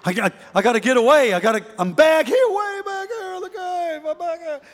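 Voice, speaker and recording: A preacher doing a weary, withdrawn husband. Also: male voice, extremely high pitch, lively intonation, fast, a bit bright, in a large hall. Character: weary husband retreating into his head.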